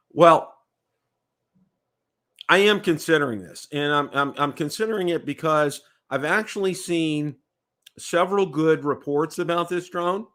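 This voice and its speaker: Bright-voiced American man hosting a livestream. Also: a little high, takes it slowly, pauses often. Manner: rambling, repeats words, checks in with "okay?". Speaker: livestream host. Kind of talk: casual livestream chat.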